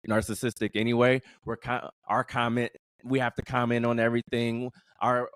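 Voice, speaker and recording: A man co-hosts a relaxed podcast chat, thinking out loud and repeating words to drive his point home. His pitch is ordinary, and the sound is dry and close to the mic. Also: no echo. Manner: reflective, repeats words for emphasis. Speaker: podcast co-host. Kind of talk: casual chat.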